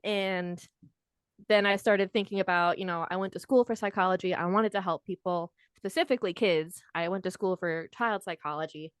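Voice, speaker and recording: A woman's voice: fairly low pitch, fairly even intonation, normal speed, clean tone, dry recording. Chatty young woman, dry close sound. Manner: chatty, self-deprecating, fidgety. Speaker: guest. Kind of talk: casual storytelling.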